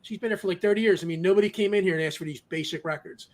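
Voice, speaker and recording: Brief: high-pitched man, casual chat guest, animated storyteller who laughs a lot. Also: rapid-fire. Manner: animated, laughs often while telling.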